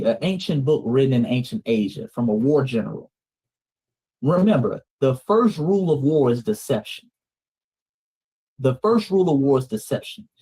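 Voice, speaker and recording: Host, male, Georgia Southern accent, husky, emphatic, punchy repeats to viewers. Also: medium pitch, warm tone, poor audio. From Atlanta, Georgia, US. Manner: emphatic, repeats lines, calls out to the audience. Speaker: host of a commentary stream. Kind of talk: livestream commentary on clips.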